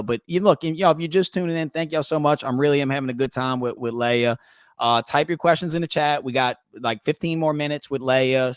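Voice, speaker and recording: Male host, easygoing livestream talker, mid-pitched voice, dry close sound. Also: fairly bright tone, no room sound. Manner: laid-back, addresses the chat as y'all. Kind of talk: casual livestream talk.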